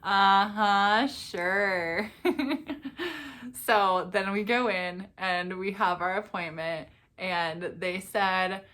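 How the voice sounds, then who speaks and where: A young woman in a casual storytime vlog, telling her story in an animated way and acting out the quotes. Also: slow pace, hardly any pauses. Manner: animated storyteller, acts out quotes with big pitch jumps. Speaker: vlogger.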